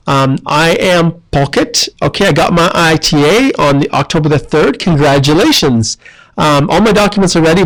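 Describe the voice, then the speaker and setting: A man's voice: fairly high pitch, rough recording. A man running a live question-and-answer stream, reading viewer comments aloud and answering them in a friendly, chatty way with frequent ums and self-corrections. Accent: Canadian. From Canada.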